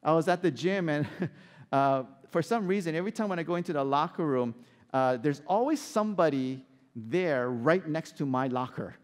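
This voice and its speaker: A male pastor preaching with animated, swinging pitch and slightly high voice. He keeps asking the congregation questions. The sound carries a long hall reverb. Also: normal speed. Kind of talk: sermon.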